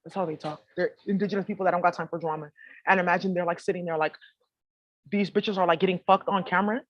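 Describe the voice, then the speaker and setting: A woman's voice: lowish voice, fairly even intonation, fast, no room sound, highs cut off. Profane, rambling woman vlogger, dry sound. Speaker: spiritual vlogger. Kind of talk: casual monologue to viewers.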